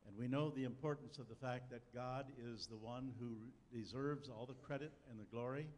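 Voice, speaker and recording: A sermon from an older pastor, his medium-pitched voice darkish and his pace normal, carries a folksy personal anecdote delivered with dry humor. The church sanctuary lends long reverb and faint ambient sound.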